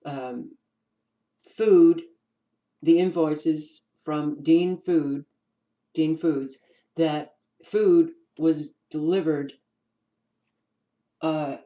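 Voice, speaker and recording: A woman with a New York accent, hosting her own channel and giving casual commentary as she reads from documents, pausing with ums and restarting words. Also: low voice, warm tone, rough recording. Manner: unhurried, stops to restart words, many ums. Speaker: channel host.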